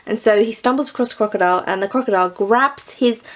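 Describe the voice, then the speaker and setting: A woman's voice: a little high, quick pace. A young woman retelling and reviewing stories in a casual, chatty way, laughing often and saying "like" a lot. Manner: chatty, giggly, peppered with "like". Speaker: book vlogger.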